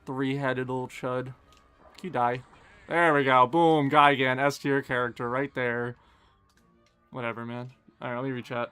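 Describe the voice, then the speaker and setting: A young man, streaming a game live and chatting casually and quickly with his viewers, joking at his own expense. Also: medium pitch, flat delivery, pushed and bright, clean tone, faint music behind. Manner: fast, casual, self-deprecating chatter. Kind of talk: live gameplay commentary and chat Q&A.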